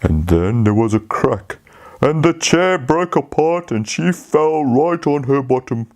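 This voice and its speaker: A man telling a fairy tale to children, speaking slowly and talking to them directly. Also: medium pitch. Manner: slow, lively, talks to the children. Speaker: storyteller. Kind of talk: children's storytelling.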